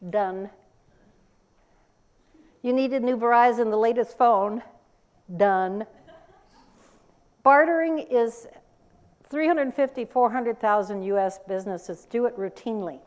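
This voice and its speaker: Older woman, fairly high voice, emphatic conference speaker who fires questions at the crowd. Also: unhurried, pauses often. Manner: lively, emphatic, quizzes the audience. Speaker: workforce speaker. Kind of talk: conference talk.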